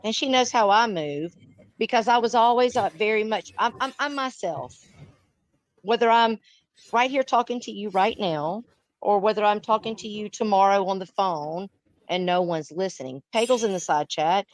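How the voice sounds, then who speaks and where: A woman's voice: mid-range voice, normal speed, no echo, rough recording. A middle-aged woman, hosting a live stream in blunt, profane, emphatic casual chat.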